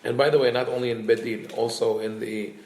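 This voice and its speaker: A man's voice: medium pitch, echoey room, background noise. A man, a rabbi, teaching a class on a Talmudic story, thinking aloud with restarts and acting out the quotes in livelier voices. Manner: retells quotes in lively voices, reads Hebrew quickly.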